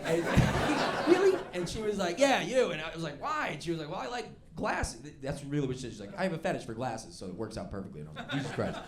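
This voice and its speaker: A man doing stand-up storytelling on stage, animated and laughing along as he acts out the voices in his story. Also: medium pitch, very fast, few pauses. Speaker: stand-up comedian. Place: comedy club stage before a live audience. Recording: stage mic with loud crowd laughter.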